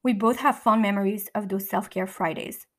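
A woman's voice: mid-range voice, fairly even intonation, normal speed. A middle-aged woman reading her own memoir in the first person, candid and blunt, with occasional restarts and swearing. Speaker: memoir narrator.

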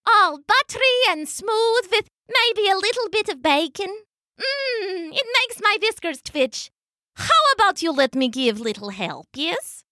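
A woman doing a squeaky little mouse girl. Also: lively intonation, measured pace, pushed and bright, no echo, clean studio sound, exaggerated voice. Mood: eager. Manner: squeaky, insistent, breaks into song. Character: tiny eager female mouse.

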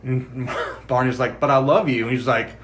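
A man's voice: mid-range voice, moderate pace, a little hiss or hum. A man co-hosting a podcast, casually recapping a TV episode and quoting the characters as he goes. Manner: chatty storyteller, quotes characters in lively asides. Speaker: podcast co-host.

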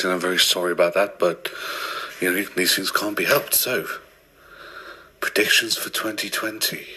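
A low, husky-voiced man from around Newcastle, England, records a listener message for a podcast. He talks in a deliberately posh, formal manner, and his tone has a bright edge to it. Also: rough recording. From Newcastle area, England. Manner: mock-posh, formal delivery.

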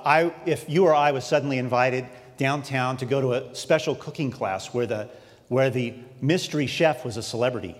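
A man preaching a sermon, telling a personal story in an earnest, animated way. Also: mid-range voice, long reverb tail.

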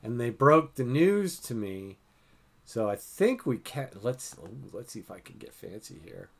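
A man's voice: mid-range voice, big pitch swings, unhurried, gravelly. Chatty self-mocking middle-aged man. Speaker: podcast host. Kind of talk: casual chat.

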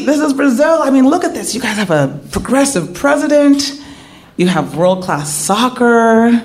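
A woman telling a personal story live on stage, in an animated way, laughing often. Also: mid-range voice.

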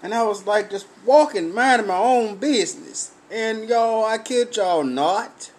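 A man's voice: high voice, unhurried. A middle-aged man hosting his own podcast, telling profane stories in a raw, casual monologue while drinking. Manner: profane storytelling, loud cackling laughs. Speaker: podcast host.

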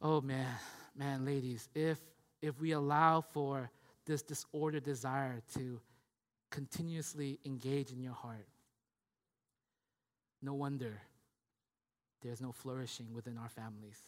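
A man's voice: mid-range voice, fairly even intonation, measured pace, pauses often, long reverb tail. A man preaching a sermon as pastor, speaking emphatically and often asking "right?".

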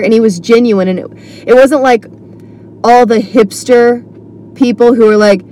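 Woman, podcast host, comedian, solo monologue, rambling, filler-heavy, mid pitch, faint noise. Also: steady tone, normal speed, darkish tone.

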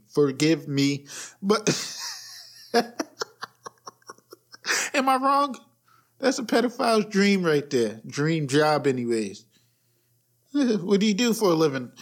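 A man's voice: high voice, sing-song, slow pace, long pauses. A man in his thirties hosting a solo podcast, rambling bluntly with profanity and laughing at his own jokes. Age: 30s. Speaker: podcast host. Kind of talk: casual solo rant.

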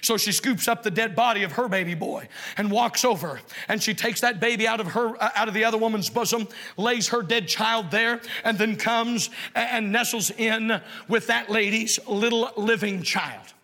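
A man delivers a fervent sermon, his voice sitting very high and ringing bright. He presses his points hard and climbs into shouts. A long church reverb trails behind him. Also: normal speed, hardly any pauses. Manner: impassioned preaching, rising to shouts. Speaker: pastor. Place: church sanctuary.

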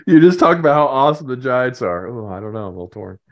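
A man's voice: medium pitch, very animated, quick pace. Jokey man in casual banter. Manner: jokey, laughs often. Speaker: podcast co-host. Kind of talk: casual chat.

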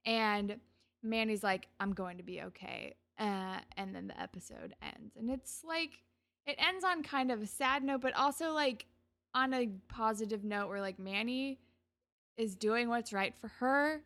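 A woman co-hosting a podcast, casually recapping a TV episode and acting out the characters' lines in quick quoted bits, with lots of fillers. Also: fairly high pitch. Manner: animated retelling with quoted voices, frequent fillers. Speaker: podcast co-host.

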